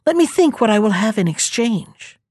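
Woman voicing a storybook giant, huge, slow-thinking, deliberate, dry close sound. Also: a little high, very animated, warm tone, no room sound. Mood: gruff bargaining. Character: huge slow-witted grumbling male giant.

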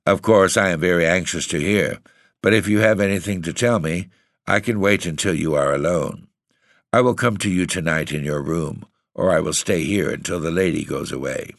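A man's voice: low-pitched, moderate pace, creaky, a bit bright, no echo, clean studio sound. A man reading the part of an older uncle's ghost who meddles with polite, formal persuasion. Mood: eager.

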